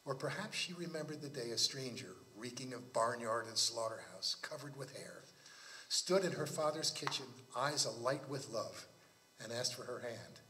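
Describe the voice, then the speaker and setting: A man reading his own novel aloud at a library book talk, in a measured storytelling cadence. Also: mid-range voice, animated, bright, forceful tone, a little hiss or hum.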